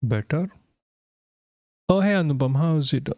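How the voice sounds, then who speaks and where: A hoarse, sick man, ranting in frustration during a live stream, swearing heavily and slipping into Hindi. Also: fairly high pitch, lively intonation, normal speed, dark tone, no room sound, lo-fi sound.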